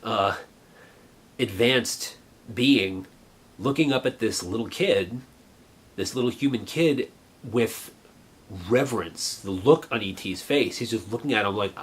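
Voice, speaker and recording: A man in his forties earnestly recalling a childhood memory in a halting, reflective way. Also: lowish voice, husky. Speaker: vlogger. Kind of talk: personal reminiscence.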